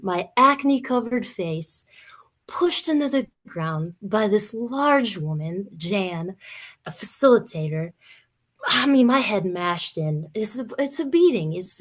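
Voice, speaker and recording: A woman's voice: medium pitch, husky. Young woman guest being real candid and emotional, swears some. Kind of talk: interview.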